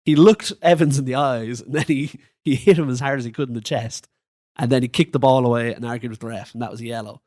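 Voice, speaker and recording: Guy chatting football on a podcast, middle voice, laughs a lot, gets squeaky when worked up. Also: steady tone, fast, darkish tone. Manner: laughs often, rises in pitch when indignant. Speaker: podcast co-host. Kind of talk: casual football chat.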